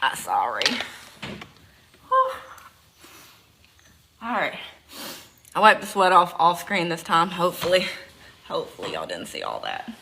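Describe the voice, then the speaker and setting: A woman's voice: fairly low pitch, huge pitch swings, unhurried, creaky, long pauses, bright, forceful tone. A middle-aged woman with a Southern US accent, chatting folksily on a livestream and greeting viewers by name while milking goats. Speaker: livestream host. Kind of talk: casual livestream chat. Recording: noisy with machine hum. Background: milking machine running.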